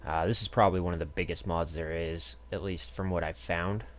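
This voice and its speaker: A man with a very low voice hosts a game live stream with loose, casual commentary. He talks crudely, swears freely and rambles through plenty of ums and uhs. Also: fairly even intonation, fairly quick. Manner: crude and profane, loose rambling with many fillers. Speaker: gaming streamer.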